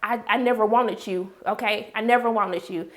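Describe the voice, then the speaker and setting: A woman voicing a scheming, fast-talking hustler man who pleads in slangy speech. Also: mid-range voice, steady tone, pitched below the performer's own voice, close to an everyday voice. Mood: pleading.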